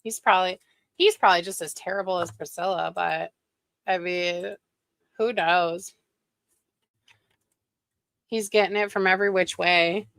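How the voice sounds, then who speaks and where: A woman's voice: lowish voice, fairly even intonation, unhurried, creaky, long pauses, fairly bright tone, dry recording. A woman streamer giving snarky, gossipy commentary while reacting to videos.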